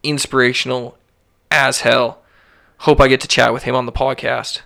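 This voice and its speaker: A man's voice: mid-range voice, flat delivery, normal speed, vocal fry, sharp tone. A man hosting a casual podcast, talking in a laid-back, slangy way with lots of "like". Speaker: podcast host.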